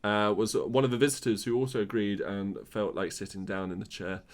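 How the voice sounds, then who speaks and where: A man's voice: on the low side, flat delivery, a little fast. Easygoing young man. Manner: easygoing, rambling, friendly. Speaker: podcast co-host. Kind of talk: casual chat.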